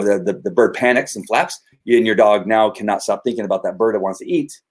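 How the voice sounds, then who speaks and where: A man's voice: lowish voice, darkish tone. A man who trains dogs, explaining his methods in casual talk and often restarting his sentences. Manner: rambling, with many restarts and repeated words. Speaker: dog trainer.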